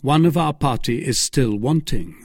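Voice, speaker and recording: A man's voice: mid-range voice, lively intonation, moderate pace, a little mellow, no room sound, clean studio sound, pitched above the performer's own voice. A man reading as a stern musketeer captain. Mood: urgent. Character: stern grave male musketeer leader.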